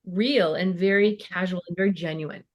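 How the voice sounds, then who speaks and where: A woman's voice: fairly low pitch, moderate pace, highs cut off. A woman in her fifties, a child and family therapist, talking casually as a podcast guest and acting out bits of parent and teen dialogue.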